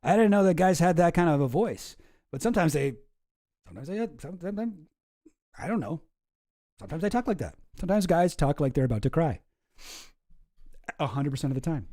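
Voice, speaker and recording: A man's voice: mid-range voice, expressive, fast talker, pauses often, a little mellow. A man hosting a casual commentary show, rambling and sarcastic. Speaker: commentary host.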